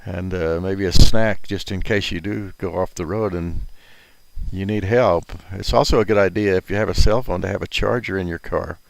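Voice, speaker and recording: A man's voice: deep voice, fairly even intonation, moderate pace, vocal fry. An older man telling a story and giving casual advice in a rambling, folksy way, chuckling at his own asides.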